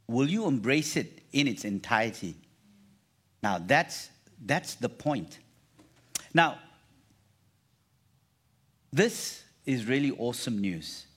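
A man's voice: mid-range voice, takes it slowly, long pauses, slightly rough. A man preaching a sermon to a congregation, reading scripture and restarting phrases, often calling for the crowd to repeat after him. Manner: animated, repeats phrases, calls for congregation response. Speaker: pastor.

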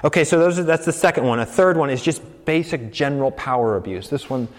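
Animated preacher with a hall echo. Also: male voice, mid-range voice, quick pace. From United States. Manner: conversational and animated, acting out quoted voices. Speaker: pastor. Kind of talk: sermon.

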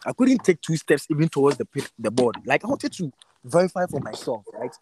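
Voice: medium pitch, fairly quick. A young doctor telling a story with lots of energy, acting out scenes with voices. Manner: animated, lively, acts out scenes. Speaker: doctor guest. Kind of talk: casual storytelling. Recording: faint background noise.

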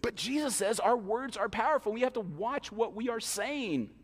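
A male pastor preaching a sermon in a church, emphatic, with rhetorical questions and quick acted-out asides. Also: extremely high pitch, expressive, husky. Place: church hall. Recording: long hall reverb.

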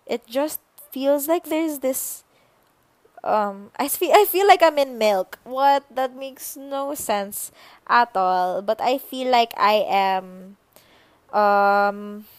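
Young woman talking slow on her solo podcast, thinking out loud, dry close mic. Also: a little high, no echo. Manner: unhurried, musing, with frequent pauses and fillers. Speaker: podcast host. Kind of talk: reflective solo podcast talk.

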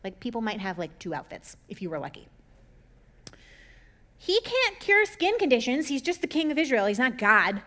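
A woman casually retelling a Bible story in a chatty, jokey way, full of sarcastic asides and quick character voices. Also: on the high side, big pitch swings, pushed and bright.

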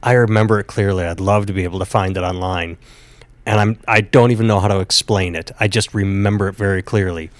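A middle-aged man co-hosts a casual podcast, wandering through old stories with halting pauses. His voice sits on the low side and is recorded dry and close. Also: steady tone, no echo. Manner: rambling anecdotes with hesitant "uh"s. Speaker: podcast co-host.

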